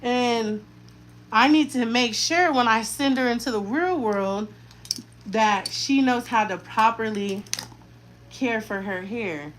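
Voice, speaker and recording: A woman in her thirties, with a voice on the high side and a fairly bright tone, speaks slowly. She's a mother doing her daughter's hair and chatting frankly and talkatively in slang. The recording is poor, with slight background noise.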